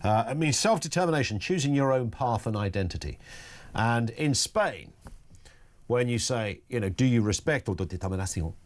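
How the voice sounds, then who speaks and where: A man's voice: medium pitch, expressive, moderate pace. A middle-aged man hosting talk radio, delivering a rambling, opinionated monologue full of jokey, sardonic asides. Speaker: radio talk show host.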